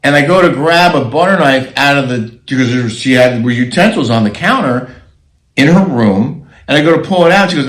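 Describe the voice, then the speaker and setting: A middle-aged man co-hosting a casual chat show, telling a story in a relaxed, chuckling way. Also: mid-range voice, a little fast, echoey room, low-quality recording. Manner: relaxed anecdotal storyteller, chuckles between lines. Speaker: co-host.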